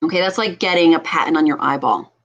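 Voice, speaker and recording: A woman who is a doctor and hosts a health talk show, talking with animated passion and laughing often. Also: deep voice, fast, lo-fi sound. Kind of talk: casual talk show chat.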